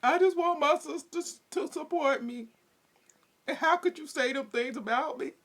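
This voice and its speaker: A man's voice: extremely high pitch, moderate pace, fairly bright tone, voice pushed up. A man doing a mocking impression of a self-pitying woman crying and whining. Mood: weepy whining. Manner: weepy, wailing, exaggerated mockery.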